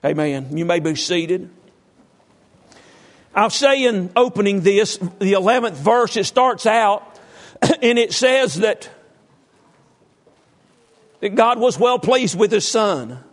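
A man pastor preaching in a church, reading King James scripture slowly and praying in a rhythmic cadence full of "Lord" and "dear God". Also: sits high, lively intonation. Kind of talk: sermon with scripture reading and prayer. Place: church sanctuary.

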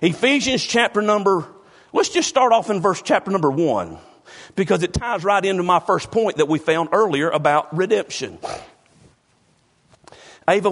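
A man preaching a sermon, fervent and calling out members of the congregation by name. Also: sits high. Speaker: pastor.

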